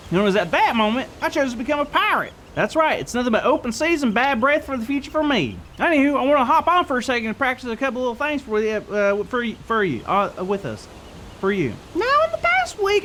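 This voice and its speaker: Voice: medium pitch, big pitch swings, fast talker, fairly bright tone, slight background noise. A performer doing Carl, a goofy would-be pirate. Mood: playful. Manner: playful, slips into a growly pirate voice. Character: goofy male kids' show character pretending to be a pirate. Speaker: show host. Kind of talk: scripted children's show.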